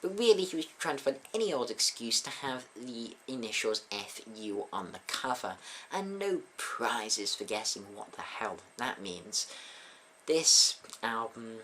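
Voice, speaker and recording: A man's voice: medium pitch, sing-song, normal speed, fairly bright tone, slight background noise. A man hosting a casual spoken album review, hesitant with many fillers and a dry, sarcastic edge. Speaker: album reviewer, channel host.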